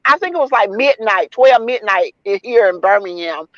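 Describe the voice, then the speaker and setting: A woman's voice: mid-range voice, normal speed, no room sound. A woman telling a friend's story in a casual call, acting out the quotes as she goes. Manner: lively storyteller who acts out quotes. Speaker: friend sharing memories. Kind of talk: casual video-call conversation. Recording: dull lo-fi, dry sound.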